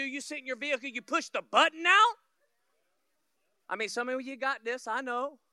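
A man from Florida, preaching a sermon as a guest pastor, telling stories, acting out scenes and building to loud peaks, with humorous asides to the congregation. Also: very high-pitched, normal speed, no echo, clean studio sound.

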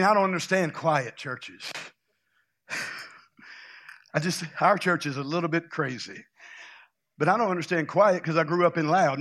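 A man from Louisiana, preaching a loud, exuberant charismatic sermon full of folksy stories and shouted praise. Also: high-pitched.

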